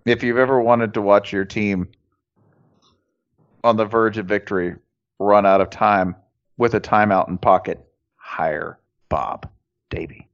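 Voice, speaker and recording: A man's voice: fairly low pitch, steady tone, measured pace, long pauses. A man co-hosting a casual sports podcast, riffing with dry sarcasm. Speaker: podcast co-host. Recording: dull lo-fi recording.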